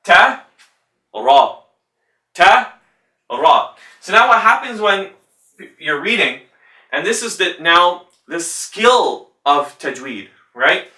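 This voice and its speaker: A male Quran recitation teacher giving a tajweed lesson, patiently demonstrating letter sounds slowly and repeating them. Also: high-pitched, lively intonation, pushed and bright. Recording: roomy sound from a distant mic.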